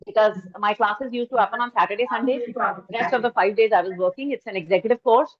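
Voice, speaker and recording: Indian English woman trainer, high voice, chatty storytelling lecture, muffled lo-fi sound. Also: fast, a crowd in the background. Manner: storytelling, switches into Hindi, addresses the audience directly. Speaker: faculty trainer. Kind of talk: anecdotal lecture. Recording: dull lo-fi recording.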